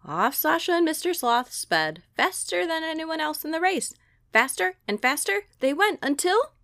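A woman librarian reading a children's picture book aloud with slow, expressive delivery. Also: high-pitched, gravelly, no echo, clean studio sound. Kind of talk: storybook read-aloud.

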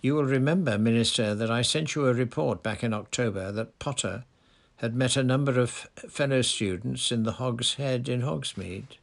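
Man putting on a sugary prim lady official, simpering with a nasty edge, bit gravelly. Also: medium pitch, normal speed, pitched above the performer's own voice, close to an everyday voice. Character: sickly-sweet, cruel middle-aged woman official.

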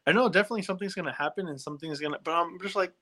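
A man hosting a podcast in casual chat, animated and profane, acting out his reactions. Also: high-pitched, racing. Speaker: podcast host.

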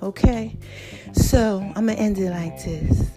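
A woman hosting a casual motivational podcast, preachy and animated, her voice cracking and tired. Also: sits high, moderate pace, over loud music. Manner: preachy, animated, calls listeners baby and child. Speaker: podcast host.

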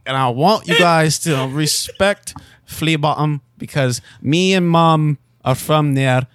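A man's voice: fairly high pitch, slow, a bit bright, a little hiss or hum. A man putting on a muddled British-Scottish accent, playing a boastful, rambling band singer in an improvised comedy sketch. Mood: blustering. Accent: put-on mixed British and Scottish. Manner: blustering, rambling, slangy "mate".

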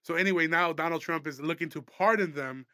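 A man's voice: fairly high pitch, a little fast, pushed and bright, dry recording, studio quality. A young man hosting a casual comedy podcast, rambling, profane and laughing often. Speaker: podcast host.

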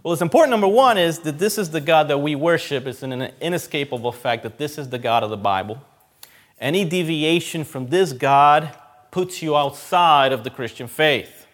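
A man's voice: a little high, lively intonation, normal speed. Emphatic man preaching a sermon. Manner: emphatic, repeats key phrases, rises and drops in loudness.

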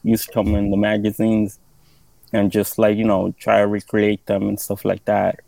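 Gravelly, flat-voiced man, modest guest. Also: lowish voice, no echo, rough recording. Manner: modest, halting, many fillers. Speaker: guest artist. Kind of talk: casual interview talk.

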